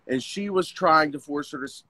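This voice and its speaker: Earnest, halting man telling his story. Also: fairly high pitch, bright, forceful tone, dry recording. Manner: halting, many restarts, earnest. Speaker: interview guest. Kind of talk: candid personal storytelling. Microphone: video call.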